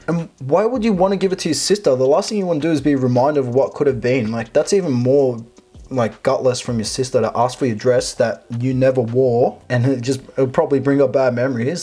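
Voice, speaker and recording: Husky-voiced male host, blunt and sarcastic post commentary, heavy swearing. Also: medium pitch, a little mellow. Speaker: video host. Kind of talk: reading and commenting on a reddit post.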